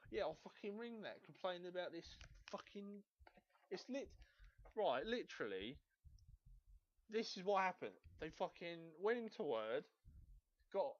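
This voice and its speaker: A young man hosting a gaming video, ranting in exasperation and swearing constantly. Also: fairly high pitch. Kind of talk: profane ranting review. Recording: dull lo-fi home recording.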